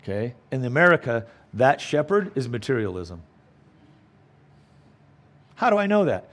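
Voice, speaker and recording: A man's voice: medium pitch, very animated, moderate pace, fairly bright tone. A middle-aged male pastor preaching a sermon in an emphatic, conversational way, full of rhetorical questions.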